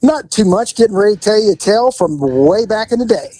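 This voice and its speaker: Man, podcast host, casual storytelling, lively swinging pitch, acts out quotes. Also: fast talker, dry recording, low-quality recording. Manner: animated, profane, acts out quotes. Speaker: podcast host, former police officer.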